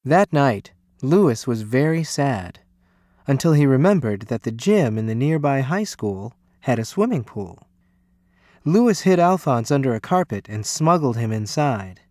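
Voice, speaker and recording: Animated male storybook reader. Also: mid-range voice, unhurried, no echo. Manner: expressive, animated reading. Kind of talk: storybook read-aloud.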